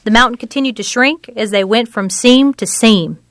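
An actress voicing an earnest, measured woman who tells of a family's troubles. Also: fairly high pitch, a bit bright. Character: woman, an older local who runs a clinic.

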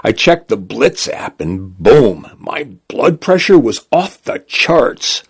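A man narrating a comic first-person story in a wry, deadpan way. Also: mid-range voice, slow pace, gravelly, slightly rough.

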